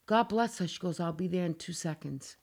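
A woman telling a frightening personal story on a casual talk show, animated and dramatic, acting out her own cries and swearing as she goes. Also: lowish voice, a little fast.

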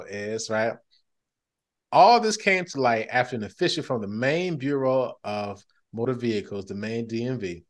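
A man hosting a podcast in casual chat, animated and breaking into loud excited bursts. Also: mid-range voice. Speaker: podcast host.

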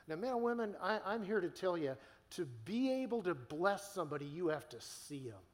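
High-voiced guy preaching, earnest and chatty, lots of restarts, big church hall echo. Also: fairly quick. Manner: animated, earnest, conversational with many restarts. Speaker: guest preacher. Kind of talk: sermon.

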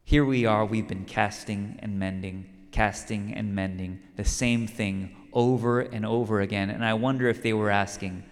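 A man's voice: lowish voice, steady tone, moderate pace, few pauses. A male pastor preaching a sermon in a conversational way, telling a story and repeating key lines for emphasis. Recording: long reverb of a large hall.

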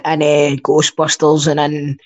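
Chatty Scottish man, slightly high voice. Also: monotone, a little slow. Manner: chatty, rambling, swears freely. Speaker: podcast co-host. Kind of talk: casual chat. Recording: dull lo-fi sound.

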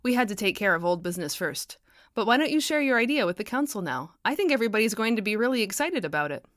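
A woman voicing an upbeat male small-town pastor in an audiobook, brisk and persuasive. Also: on the high side, big pitch swings, a bit bright, dry recording, clean studio sound. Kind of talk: audiobook character voice.

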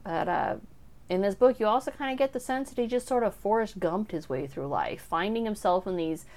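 A woman's voice: mid-range voice, lively intonation, a little fast, darkish tone. A young woman casually talking through a book she has read, chatty and full of asides. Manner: chatty, with frequent fillers and asides. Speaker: book reviewer. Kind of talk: casual book review talk.

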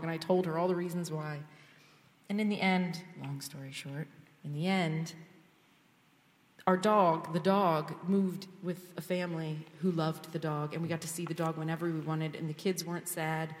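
A woman's voice: lowish voice, steady tone, moderate pace. A woman speaking at church, giving a candid personal testimony that builds to fervent prayer. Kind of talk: sermon testimony. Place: church sanctuary. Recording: long reverb of a church hall.

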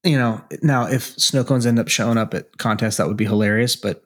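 A man's voice: fairly low pitch, a little fast. A man co-hosting a podcast, chatting casually in a rambling, laid-back, profane way. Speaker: podcast co-host. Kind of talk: casual chat.

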